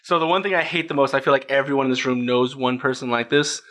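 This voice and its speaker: A man co-hosting a podcast in casual chat, expressive and acting out the people he quotes. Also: medium pitch, fast talker. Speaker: podcast co-host.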